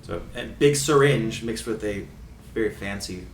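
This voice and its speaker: A man's voice: on the low side, measured pace, slight background noise. A man hosting a podcast in casual chat who laughs often and is easygoing. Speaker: podcast host. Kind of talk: casual chat, quiz game. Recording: echoey room, mic at a distance.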